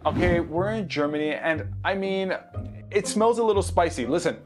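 A man hosting a casual food-tasting vlog, upbeat and excitable, who also reads a sponsor spot. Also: high voice, normal speed, over music. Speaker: host. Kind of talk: casual chat and sponsor read.

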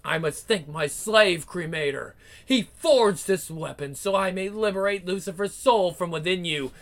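A woman voicing a cruel, seductive vampire queen in a comic book read-aloud, with slow, taunting, theatrical delivery and growls. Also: on the low side, close to an everyday voice. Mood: gloating.

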